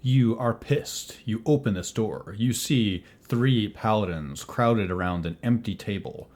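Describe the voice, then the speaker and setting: A man running a tabletop game as game master, narrating in a measured, descriptive way. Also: fairly low pitch, a little mellow.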